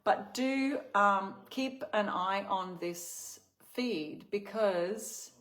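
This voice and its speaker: A woman's voice: mid-range voice, very slow, a bit bright. An Australian woman hosting a casual craft livestream, chatting and reading out viewer comments. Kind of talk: casual live-stream chat.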